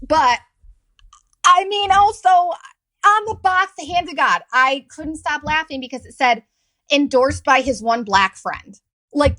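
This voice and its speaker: A middle-aged woman hosting a podcast, telling a story in a sarcastic, profane and animated way. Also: high voice, rough recording. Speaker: podcast host. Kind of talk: casual storytelling monologue.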